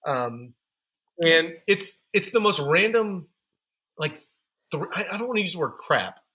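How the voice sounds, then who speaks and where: A man's voice: on the high side, very animated, measured pace, bright, forceful tone. A man guest on a podcast interview, telling candid, self-deprecating stories about building his running store business.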